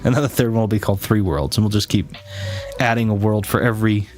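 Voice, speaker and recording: A man's voice: on the low side, fairly even intonation, fast talker, a little mellow, faint music behind. A man chatting casually on a live stream, rambling with many restarts and fillers, teasing his chat now and then.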